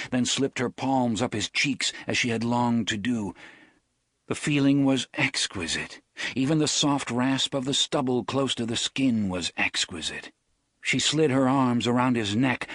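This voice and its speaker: A man reading a novel aloud in measured, intimate audiobook narration. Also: on the low side, fairly bright tone, husky, no room sound, clean studio sound.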